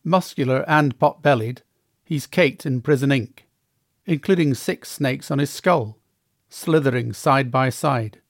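Brief: a male memoir narrator, measured delivery, mid-pitched, dry and close. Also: no echo. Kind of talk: first-person audiobook narration.

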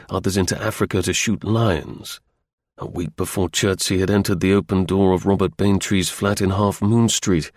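For this scripted audiobook narration, a man tells a novel's story in a measured, level way. He has a somewhat low voice, captured dry at studio quality.

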